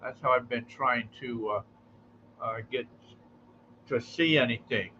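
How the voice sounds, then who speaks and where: A man's voice: mid-range voice, measured pace, pushed and bright, dull audio, slight background noise. A man hosting a radio talk show, easygoing and hesitant, often repeating words. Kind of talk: casual chat.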